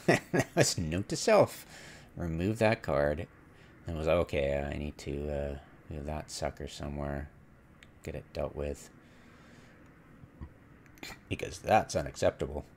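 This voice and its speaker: Deep gravelly-voiced man commenting on gameplay. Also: measured pace, pauses often, a little hiss or hum. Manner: rambling, quotes his own past reactions, bursts of excited exclamations. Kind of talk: casual game replay commentary.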